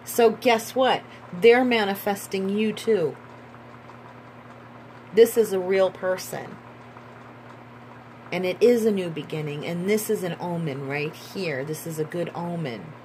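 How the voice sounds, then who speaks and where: A woman reads tarot cards to the camera at an unhurried pace, her voice sitting a little low. She muses, trails off and repeats herself, then breaks into excited bursts. A faint hiss sits under the recording. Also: rough recording. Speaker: tarot reader. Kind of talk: tarot reading monologue.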